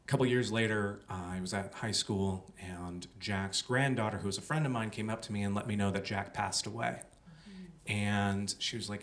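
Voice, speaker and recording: A man's voice: lowish voice, normal speed, a bit bright. A young man telling a personal story on a small theater stage, conversational and full of "like" and "uh". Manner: conversational, filler-heavy with many "like" and "uh". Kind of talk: live storytelling.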